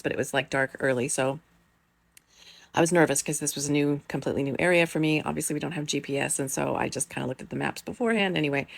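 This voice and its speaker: A woman's voice: deep voice, creaky, no room sound. A middle-aged woman telling a personal story in a rambling, casual way, with many fillers and the odd swear word.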